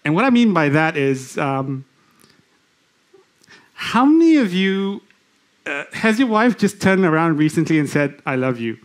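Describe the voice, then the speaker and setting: A lay preacher gives a church sermon in a slightly high voice with big swings in pitch. He addresses the congregation with questions and halting restarts, and reads scripture aloud slowly.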